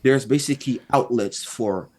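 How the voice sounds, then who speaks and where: A man's voice: mid-range voice, moderate pace, warm tone. A young man, talking casually as a guest in an interview, rambling and building his points one by one. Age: young adult. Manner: rambling, repeats phrases, builds points by number.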